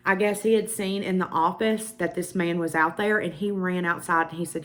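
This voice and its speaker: A woman's voice: fairly low pitch, steady tone, moderate pace, hardly any pauses, fairly bright tone. A young woman with a Southern US accent, chatting to her viewers and telling a personal story with emphatic asides. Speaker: beauty vlogger. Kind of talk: casual storytelling to camera.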